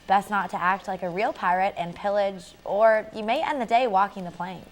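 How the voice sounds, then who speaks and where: A woman's voice: mid-range voice, steady tone, normal speed. A young woman co-anchoring a student newscast in a light, chatty way. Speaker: news anchor.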